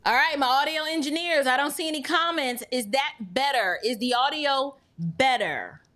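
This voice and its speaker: Middle-aged woman hosting a livestream, high voice, chatty and flustered, talks right to the viewers. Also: normal speed, pushed and bright. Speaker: livestream host. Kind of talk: casual livestream chat.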